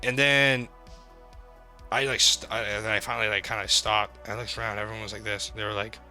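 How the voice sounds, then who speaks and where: A man's voice: on the low side, fairly quick, faint music behind. A young man from New England co-hosting a podcast, telling stories animatedly in casual chat and swearing a lot. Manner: animated storytelling, heavy swearing. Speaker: podcast co-host.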